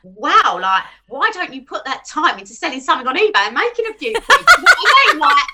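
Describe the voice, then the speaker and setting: A woman's voice: sits high, big pitch swings, fairly quick, heavy background noise. A woman, chatting frankly and animatedly as an interview guest about her work online. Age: 40s. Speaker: finance influencer guest. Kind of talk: casual interview chat.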